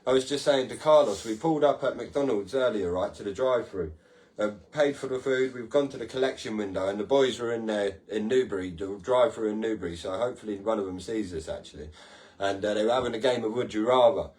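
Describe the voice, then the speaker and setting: A man's voice: lowish voice, fast talker, darkish tone. A man hosting a casual podcast-style livestream, talking in a rambling, sweary way and laughing at his own stories. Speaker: livestream host.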